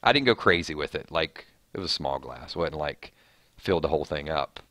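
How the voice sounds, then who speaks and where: A man's voice: rumbling low, expressive, fairly quick, fairly bright tone, no echo. A man hosting a live stream, chatting casually and reading viewer comments aloud with frequent restarts.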